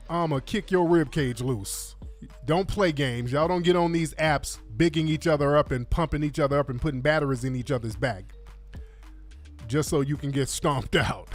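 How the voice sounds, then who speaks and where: A man hosting a radio show, giving blunt, slangy commentary. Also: fairly high pitch. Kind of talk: commentary over played clips.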